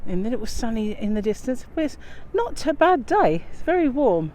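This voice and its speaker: An English woman vlogs a casual walk across a windy river bridge, filming on a handheld phone and sounding a bit out of breath. Her voice is a little high and a little mellow, very animated at a moderate pace, and her chatty, rambling talk is full of fillers. Wind and passing aircraft fill the background.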